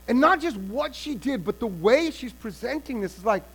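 A man preaching a sermon, retelling a story with animated storytelling that swings from loud to hushed. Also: very high voice, moderate pace, breathy edge, poor audio.

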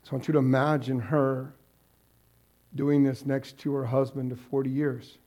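A man's voice: mid-range voice, flat delivery, moderate pace, dark tone. A man preaching a sermon as pastor, in an earnest, heartfelt way.

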